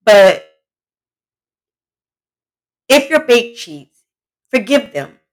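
A woman's voice: on the high side, very animated, very slow. A woman hosting a solo podcast, giving relationship advice in a blunt, emphatic, conversational way and talking straight to her listeners. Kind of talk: casual solo podcast talk.

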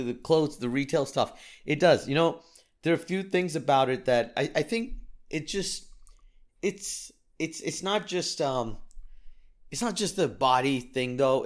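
A middle-aged man talking casually to his listeners in a voice of ordinary pitch. He rants in an animated, self-mocking way and sounds exasperated. He often stumbles and restarts. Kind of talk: casual storytelling rant.

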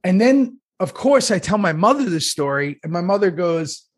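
A man in casual chat, excitedly telling a story and acting out what people said with big jumps in his voice. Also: moderate pace, few pauses. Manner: excitable, acts out quotes with big pitch jumps.

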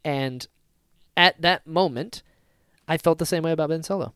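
A man co-hosting a casual fan podcast, talking excitedly and acting out scenes with sudden loud bursts. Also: a little high, normal speed, smooth, dry recording, clean studio sound. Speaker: podcast co-host.

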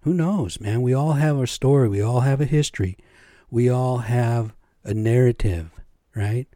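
A man's voice: medium pitch, measured pace, dark tone, no room sound, studio quality. Profane rambling man hosting a podcast. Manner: rambling, profane, rhetorical questions. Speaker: podcast host. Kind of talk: casual solo podcast rant. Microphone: cheap home podcast setup.

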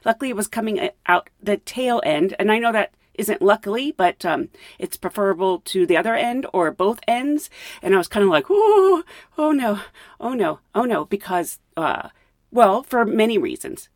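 A woman's voice: medium pitch, moderate pace, no echo. A woman who works as a flight attendant, telling funny work stories in a casual, laughing way and acting out quotes. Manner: animated, laughing, acts out quotes. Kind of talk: casual storytelling.

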